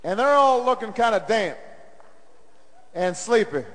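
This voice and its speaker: A man's voice: sits high, lively intonation, unhurried, a bit bright. A middle-aged man, a presidential candidate, giving a campaign rally speech. He tells a story that builds into call-and-response chanting. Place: large indoor arena. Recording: long reverb of a large arena.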